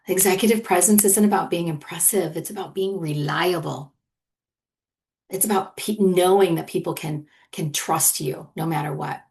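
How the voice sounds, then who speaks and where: A middle-aged woman with a fairly low voice coaches listeners on leadership in a loose, conversational monologue. She is earnest and encouraging and keeps checking in with a quick "right?" as she goes. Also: a little mellow. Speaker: leadership coach and podcast host.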